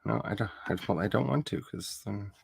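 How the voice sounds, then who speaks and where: A man's voice: lowish voice, brisk, gravelly, a little hiss or hum. A man talking casually on a livestream as he builds his fictional world, chatty and playful, addressing his viewers and grumbling at his browser.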